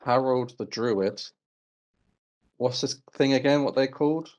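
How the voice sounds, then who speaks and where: A man's voice: mid-range voice, unhurried, darkish tone. Eager male tabletop player. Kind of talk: tabletop game banter.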